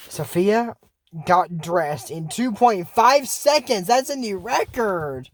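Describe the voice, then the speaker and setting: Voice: mid-range voice, animated, takes it slowly, no room sound. A YouTuber recapping a cartoon episode in casual, digressive chat full of fillers and asides. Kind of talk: casual rambling commentary.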